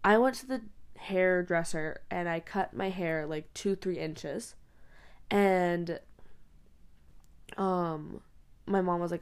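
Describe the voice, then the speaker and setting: A woman's voice: fairly low pitch, takes it slowly, pauses often, clear, resonant tone. A young woman chatting casually in a vlog, rambling with many fillers and frequent giggles. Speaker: vlogger. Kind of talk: casual chat. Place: bedroom.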